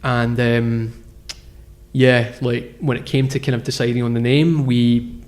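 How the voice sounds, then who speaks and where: A man's voice: medium pitch, little pitch movement, measured pace, darkish tone. Rambling man telling a story. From Scotland. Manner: rambling, filler-heavy, self-correcting. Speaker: guest founder. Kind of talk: casual storytelling interview.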